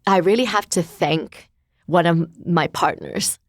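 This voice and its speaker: A woman's voice: lowish voice, unhurried, no room sound, clean studio sound. A woman in her thirties, a guest in an interview, talking candidly and searchingly about her life with many filler words. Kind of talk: reflective personal conversation.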